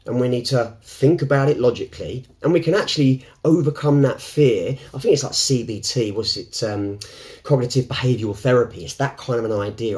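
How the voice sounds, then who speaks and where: A man's voice: mid-range voice, a little fast, a little mellow. A man talking to camera in an unscripted, reflective way. He rambles, restarts often and laughs between thoughts. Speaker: self-help vlogger.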